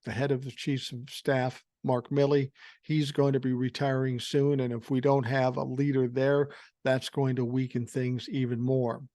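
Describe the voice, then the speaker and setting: A man's voice: mid-range voice, little pitch movement, normal speed, warm tone, dry recording, studio quality. An older man hosting a podcast, ranting through political commentary in a profane, sarcastic and mocking way. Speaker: podcast host.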